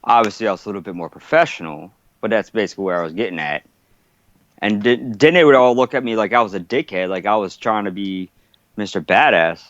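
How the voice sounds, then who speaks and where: A man's voice: fairly low pitch, fast talker, fairly bright tone, no echo. A man hosts a casual podcast chat, blunt and profane, ribbing his guest. His voice sounds dull and lo-fi, and the recording is dry, with no room sound behind him. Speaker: podcast host.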